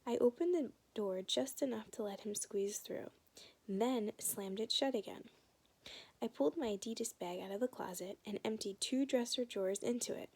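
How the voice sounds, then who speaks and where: Gravelly woman reading a children's book. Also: a little high, moderate pace, a little mellow. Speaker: reader. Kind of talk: reading a children's novel aloud.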